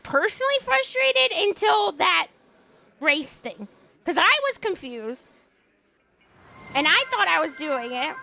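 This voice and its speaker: A young woman streaming a game, chatting in a lively way, laughing often and swearing freely. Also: very high voice. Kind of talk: casual chat while streaming a game.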